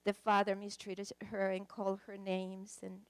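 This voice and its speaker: A woman's voice: medium pitch, completely flat delivery, moderate pace, clear, resonant tone, no echo. A woman preaching a sermon, telling a counseling story in an emotive, dramatic way.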